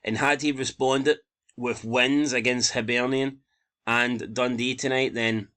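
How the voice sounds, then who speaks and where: A man's voice: mid-range voice, fairly even intonation, a little slow, fairly bright tone. A Scottish man hosting a football channel, bluntly and exasperatedly reading out and reacting to viewer comments, with frequent swearing.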